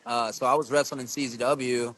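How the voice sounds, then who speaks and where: A man who wrestles, telling stories as a podcast guest in a rambling, profane, animated way. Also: medium pitch, brisk. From USA. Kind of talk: casual storytelling interview.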